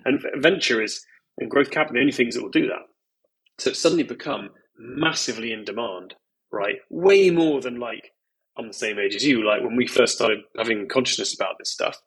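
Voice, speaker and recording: Brief: male investor guest, frank and emphatic, a little husky, loose filler-heavy talk. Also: mid-range voice, a bit bright, rough recording. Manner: candid, emphatic, peppered with "you know" and "like". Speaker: venture capital investor, guest. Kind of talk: podcast conversation.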